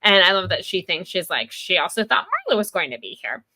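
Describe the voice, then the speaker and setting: A woman's voice: fairly low pitch, lively intonation, quick pace, sharp tone, slight background noise. A woman co-hosting a podcast, chatting casually about a book and retelling scenes with lots of "like.". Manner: chatty, heavy use of "like", retells scenes with quoted lines. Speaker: podcast co-host.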